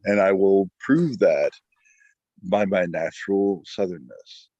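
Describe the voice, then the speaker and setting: A man putting on an exaggerated folksy Southern country man, boasting in a drawl and trading homespun sayings in a husky voice. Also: low-pitched, takes it slowly, darkish tone, dry recording, muffled recording. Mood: mock-indignant. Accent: put-on American Southern.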